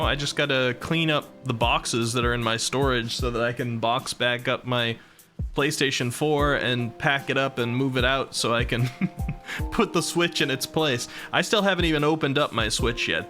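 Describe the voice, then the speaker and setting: A man's voice: medium pitch, pushed and bright. A man in his thirties chatting casually on a live stream, rambling and chuckling between thoughts.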